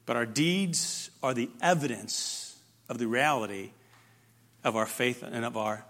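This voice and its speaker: A man preaching a sermon, emphatic and dynamic, swinging from loud, fervent stretches to hushed, quiet ones. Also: mid-range voice, measured pace. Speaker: pastor.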